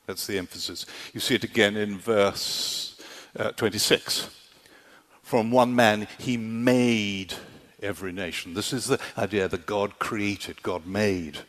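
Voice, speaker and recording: A man's voice: on the low side, measured pace, fairly bright tone. A man preaching a sermon in an emphatic style, often checking in with his listeners by asking if they see his point. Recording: long hall reverb.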